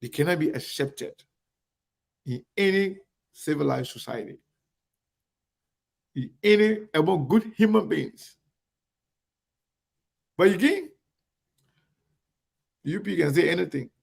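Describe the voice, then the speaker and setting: A man hosts a live online talk show, calling out viewers and pressing his points with emphatic repetition. His voice sits a little high and carries a gravelly fry. He talks straight to his audience. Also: big pitch swings, slow, long pauses. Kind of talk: live show shout-outs and commentary.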